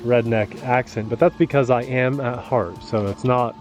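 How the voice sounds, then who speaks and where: A man of ordinary pitch talks easily and a little jokingly as he reviews a remote-control boat outdoors on a windy day. His manner is loose and chatty, like a regular hobby host. Faint music sits behind him. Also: normal speed, darkish tone. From rural United States. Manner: easygoing, chatty, jokey. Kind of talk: casual outdoor review chat.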